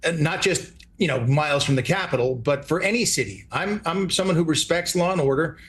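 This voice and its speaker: A man with a slightly high voice gives a hesitant answer to a question. He repeats words and pauses as he works out what to say. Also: fairly bright tone.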